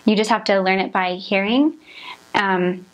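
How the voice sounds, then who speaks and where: A woman's voice: medium pitch, steady tone, a little slow, low-quality recording. A young adult woman, a former missionary, explaining in a chatty, rambling way with many filler words. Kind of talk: casual conversational explanation.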